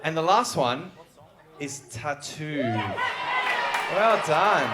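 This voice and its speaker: A man hosting a live music trivia show, reading questions briskly and joking with the guests. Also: on the high side, animated, heavy background noise. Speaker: quiz show host. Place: live venue before an audience. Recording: live show with crowd audible. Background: audience crowd.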